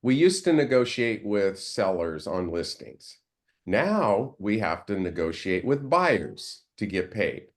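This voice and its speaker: A low-voiced man hosts a casual group call. His pitch moves a lot as he speaks earnestly. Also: sing-song, slow.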